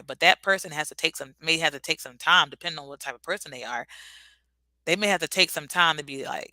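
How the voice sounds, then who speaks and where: A woman's voice: low voice, fast, sharp tone, no room sound. A woman vlogger giving a casual, earnest and reflective motivational talk.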